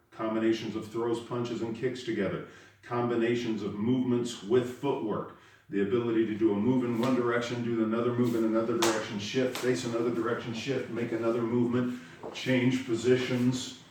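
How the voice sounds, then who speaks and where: A man's voice: mid-range voice, flat delivery, fairly quick, a little mellow, a little hiss or hum. A man teaching karate, explaining step by step and stressing the key words. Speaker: karate instructor. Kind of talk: spoken lesson. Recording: very echoey room, voice far from the mic.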